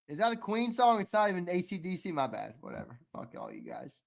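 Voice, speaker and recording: A man co-hosting a live sports stream, running a giveaway shuffle, reading viewer chat and shouting out winners, swearing casually. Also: high-pitched, wildly swooping pitch, quick pace, gravelly, few pauses, soft background music. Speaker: sports show co-host.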